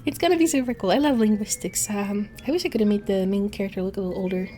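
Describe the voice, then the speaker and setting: A woman VTuber with a mellow, mid-range voice chats fast and casually on her livestream over soft background music. She rambles, swears often, and laughs between thoughts.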